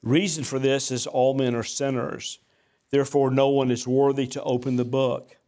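A man's voice: mid-range voice, flat delivery, moderate pace, warm tone. A man preaching a sermon as a pastor, mixing folksy, self-deprecating stories with emphatic scripture reading. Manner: conversational storytelling mixed with emphatic scripture reading.

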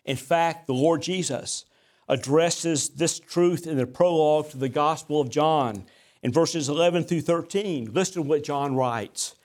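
A man's voice: on the high side, unhurried, a little mellow. A man preaching a sermon as a pastor, mixing folksy, self-deprecating stories with emphatic scripture reading. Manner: conversational storytelling mixed with emphatic scripture reading.

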